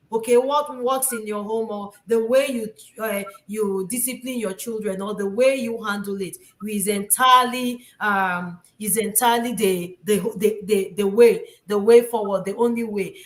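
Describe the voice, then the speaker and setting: A woman hosting a casual discussion, talking haltingly with many fillers and restarts. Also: a little high, fairly bright tone. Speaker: talk show host. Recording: echoey room.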